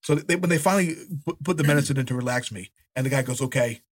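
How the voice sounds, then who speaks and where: A man co-hosting a podcast, telling a story in a lively, animated way, acting out voices and laughing as he goes. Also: medium pitch, rapid-fire. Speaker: podcast co-host. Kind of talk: casual storytelling chat.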